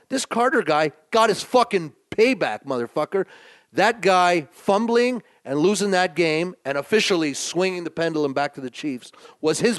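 A man co-hosting a casual sports betting podcast, swearing and emphatic, swinging between low mutters and excited outbursts. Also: no room sound, studio quality. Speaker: podcast co-host.

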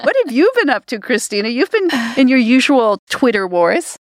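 A woman's voice: a little high, big pitch swings, normal speed, no room sound, studio quality. Chatty middle-aged woman from Canada. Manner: chatty storyteller, laughs often. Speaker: podcast co-host. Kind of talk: casual chat. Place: studio.

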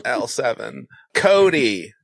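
Slow, lively-voiced male podcast host. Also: medium pitch, vocal fry, breathy edge, no echo. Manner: joking, stumbles over names. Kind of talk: casual chat.

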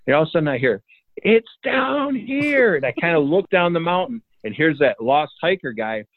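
A man's voice: a little high, quick pace, dry recording. A man from Michigan telling a long story in a laid-back, rambling way as a guest, playing out the dialogue as he goes. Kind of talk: casual storytelling. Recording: dry phone-like line.

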